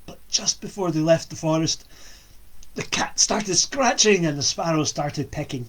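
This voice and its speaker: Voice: medium pitch, very animated, moderate pace. A storyteller telling a folk tale for children in a playful way, with sound effects.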